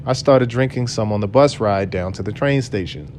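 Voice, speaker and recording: A man's voice: on the low side, moderate pace, darkish tone, slight background noise. Earnest man telling a personal story. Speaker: channel host telling his own story. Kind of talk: personal storytelling read aloud.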